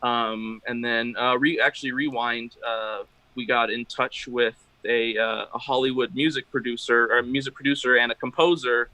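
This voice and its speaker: Bright-voiced man rambling about his work. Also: mid-range voice, steady tone, normal speed, few pauses, no echo, low-quality recording. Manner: rambling, many fillers and restarts. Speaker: guest, drum maker. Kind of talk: casual interview talk.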